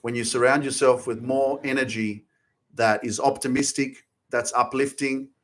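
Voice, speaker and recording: A man's voice: medium pitch, steady tone, normal speed, a bit bright. Passionate, swearing motivational podcaster man. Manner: passionate, emphatic, swears freely, repeats phrases for emphasis. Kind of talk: motivational monologue.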